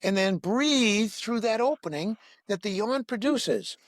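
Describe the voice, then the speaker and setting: A man guiding listeners through a breath-awareness meditation in a slow, soothing, instructive way, asking repeated gentle questions. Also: high-pitched, animated, dry recording. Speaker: breathwork teacher, podcast guest.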